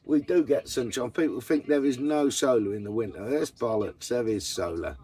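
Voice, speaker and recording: A man's voice: mid-range voice, normal speed, dark tone. A man chatting casually to camera about his camper van, blunt and full of swearing. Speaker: vanlife vlogger.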